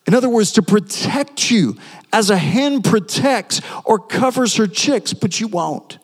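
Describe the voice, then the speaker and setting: A male pastor preaching a sermon, animated, asking the audience rhetorical questions. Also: high-pitched, unhurried. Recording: long hall reverb.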